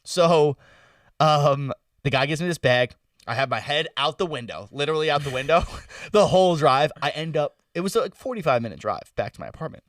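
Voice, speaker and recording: Co-host: a young guy with a slightly high voice, rambling and animated, sitting back from the mic in a dry room. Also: fairly quick, no room sound, recorded from a distance. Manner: loose and animated, lots of "like" and "bro". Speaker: podcast co-host. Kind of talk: casual storytelling chat.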